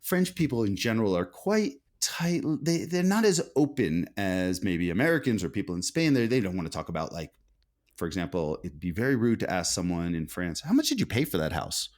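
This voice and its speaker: Man, middle-aged, low voice, author guest, thoughtful, restarts a lot. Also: lively intonation, a little fast. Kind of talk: conversational interview.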